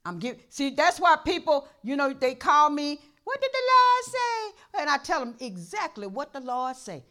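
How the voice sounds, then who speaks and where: In a church, a female pastor delivers an impassioned sermon at normal speed, her high voice leaping across its range with lively intonation. She drives home repeated phrases, dropping almost to a whisper before rising into shouts.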